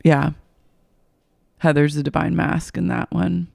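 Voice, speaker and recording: A woman's voice: low voice, little pitch movement, unhurried, creaky, a little mellow, dry recording. Female podcast co-host, dry close sound. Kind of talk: casual chat recap.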